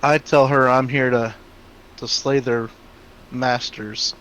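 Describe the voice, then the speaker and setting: A man's voice: mid-range voice, steady tone, slow pace, fairly bright tone, poor audio. Sleepy, distracted male player. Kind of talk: casual chat.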